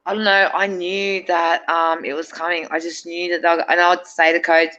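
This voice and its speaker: A woman's voice: fairly low pitch, little pitch movement, normal speed, pushed and bright, lo-fi sound. A middle-aged woman, a guest in a casual chat, rambling and hesitant with many fillers and restarts.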